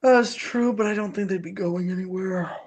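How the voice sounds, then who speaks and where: A woman in a casual tabletop game session as a player, talking hesitantly with fillers and soft laughs. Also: mid-range voice, normal speed.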